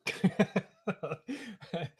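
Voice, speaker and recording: A man's voice: sits high, sing-song, very slow, darkish tone, husky. Laid-back man trading dry remarks. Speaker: podcast co-host. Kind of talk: casual podcast chat.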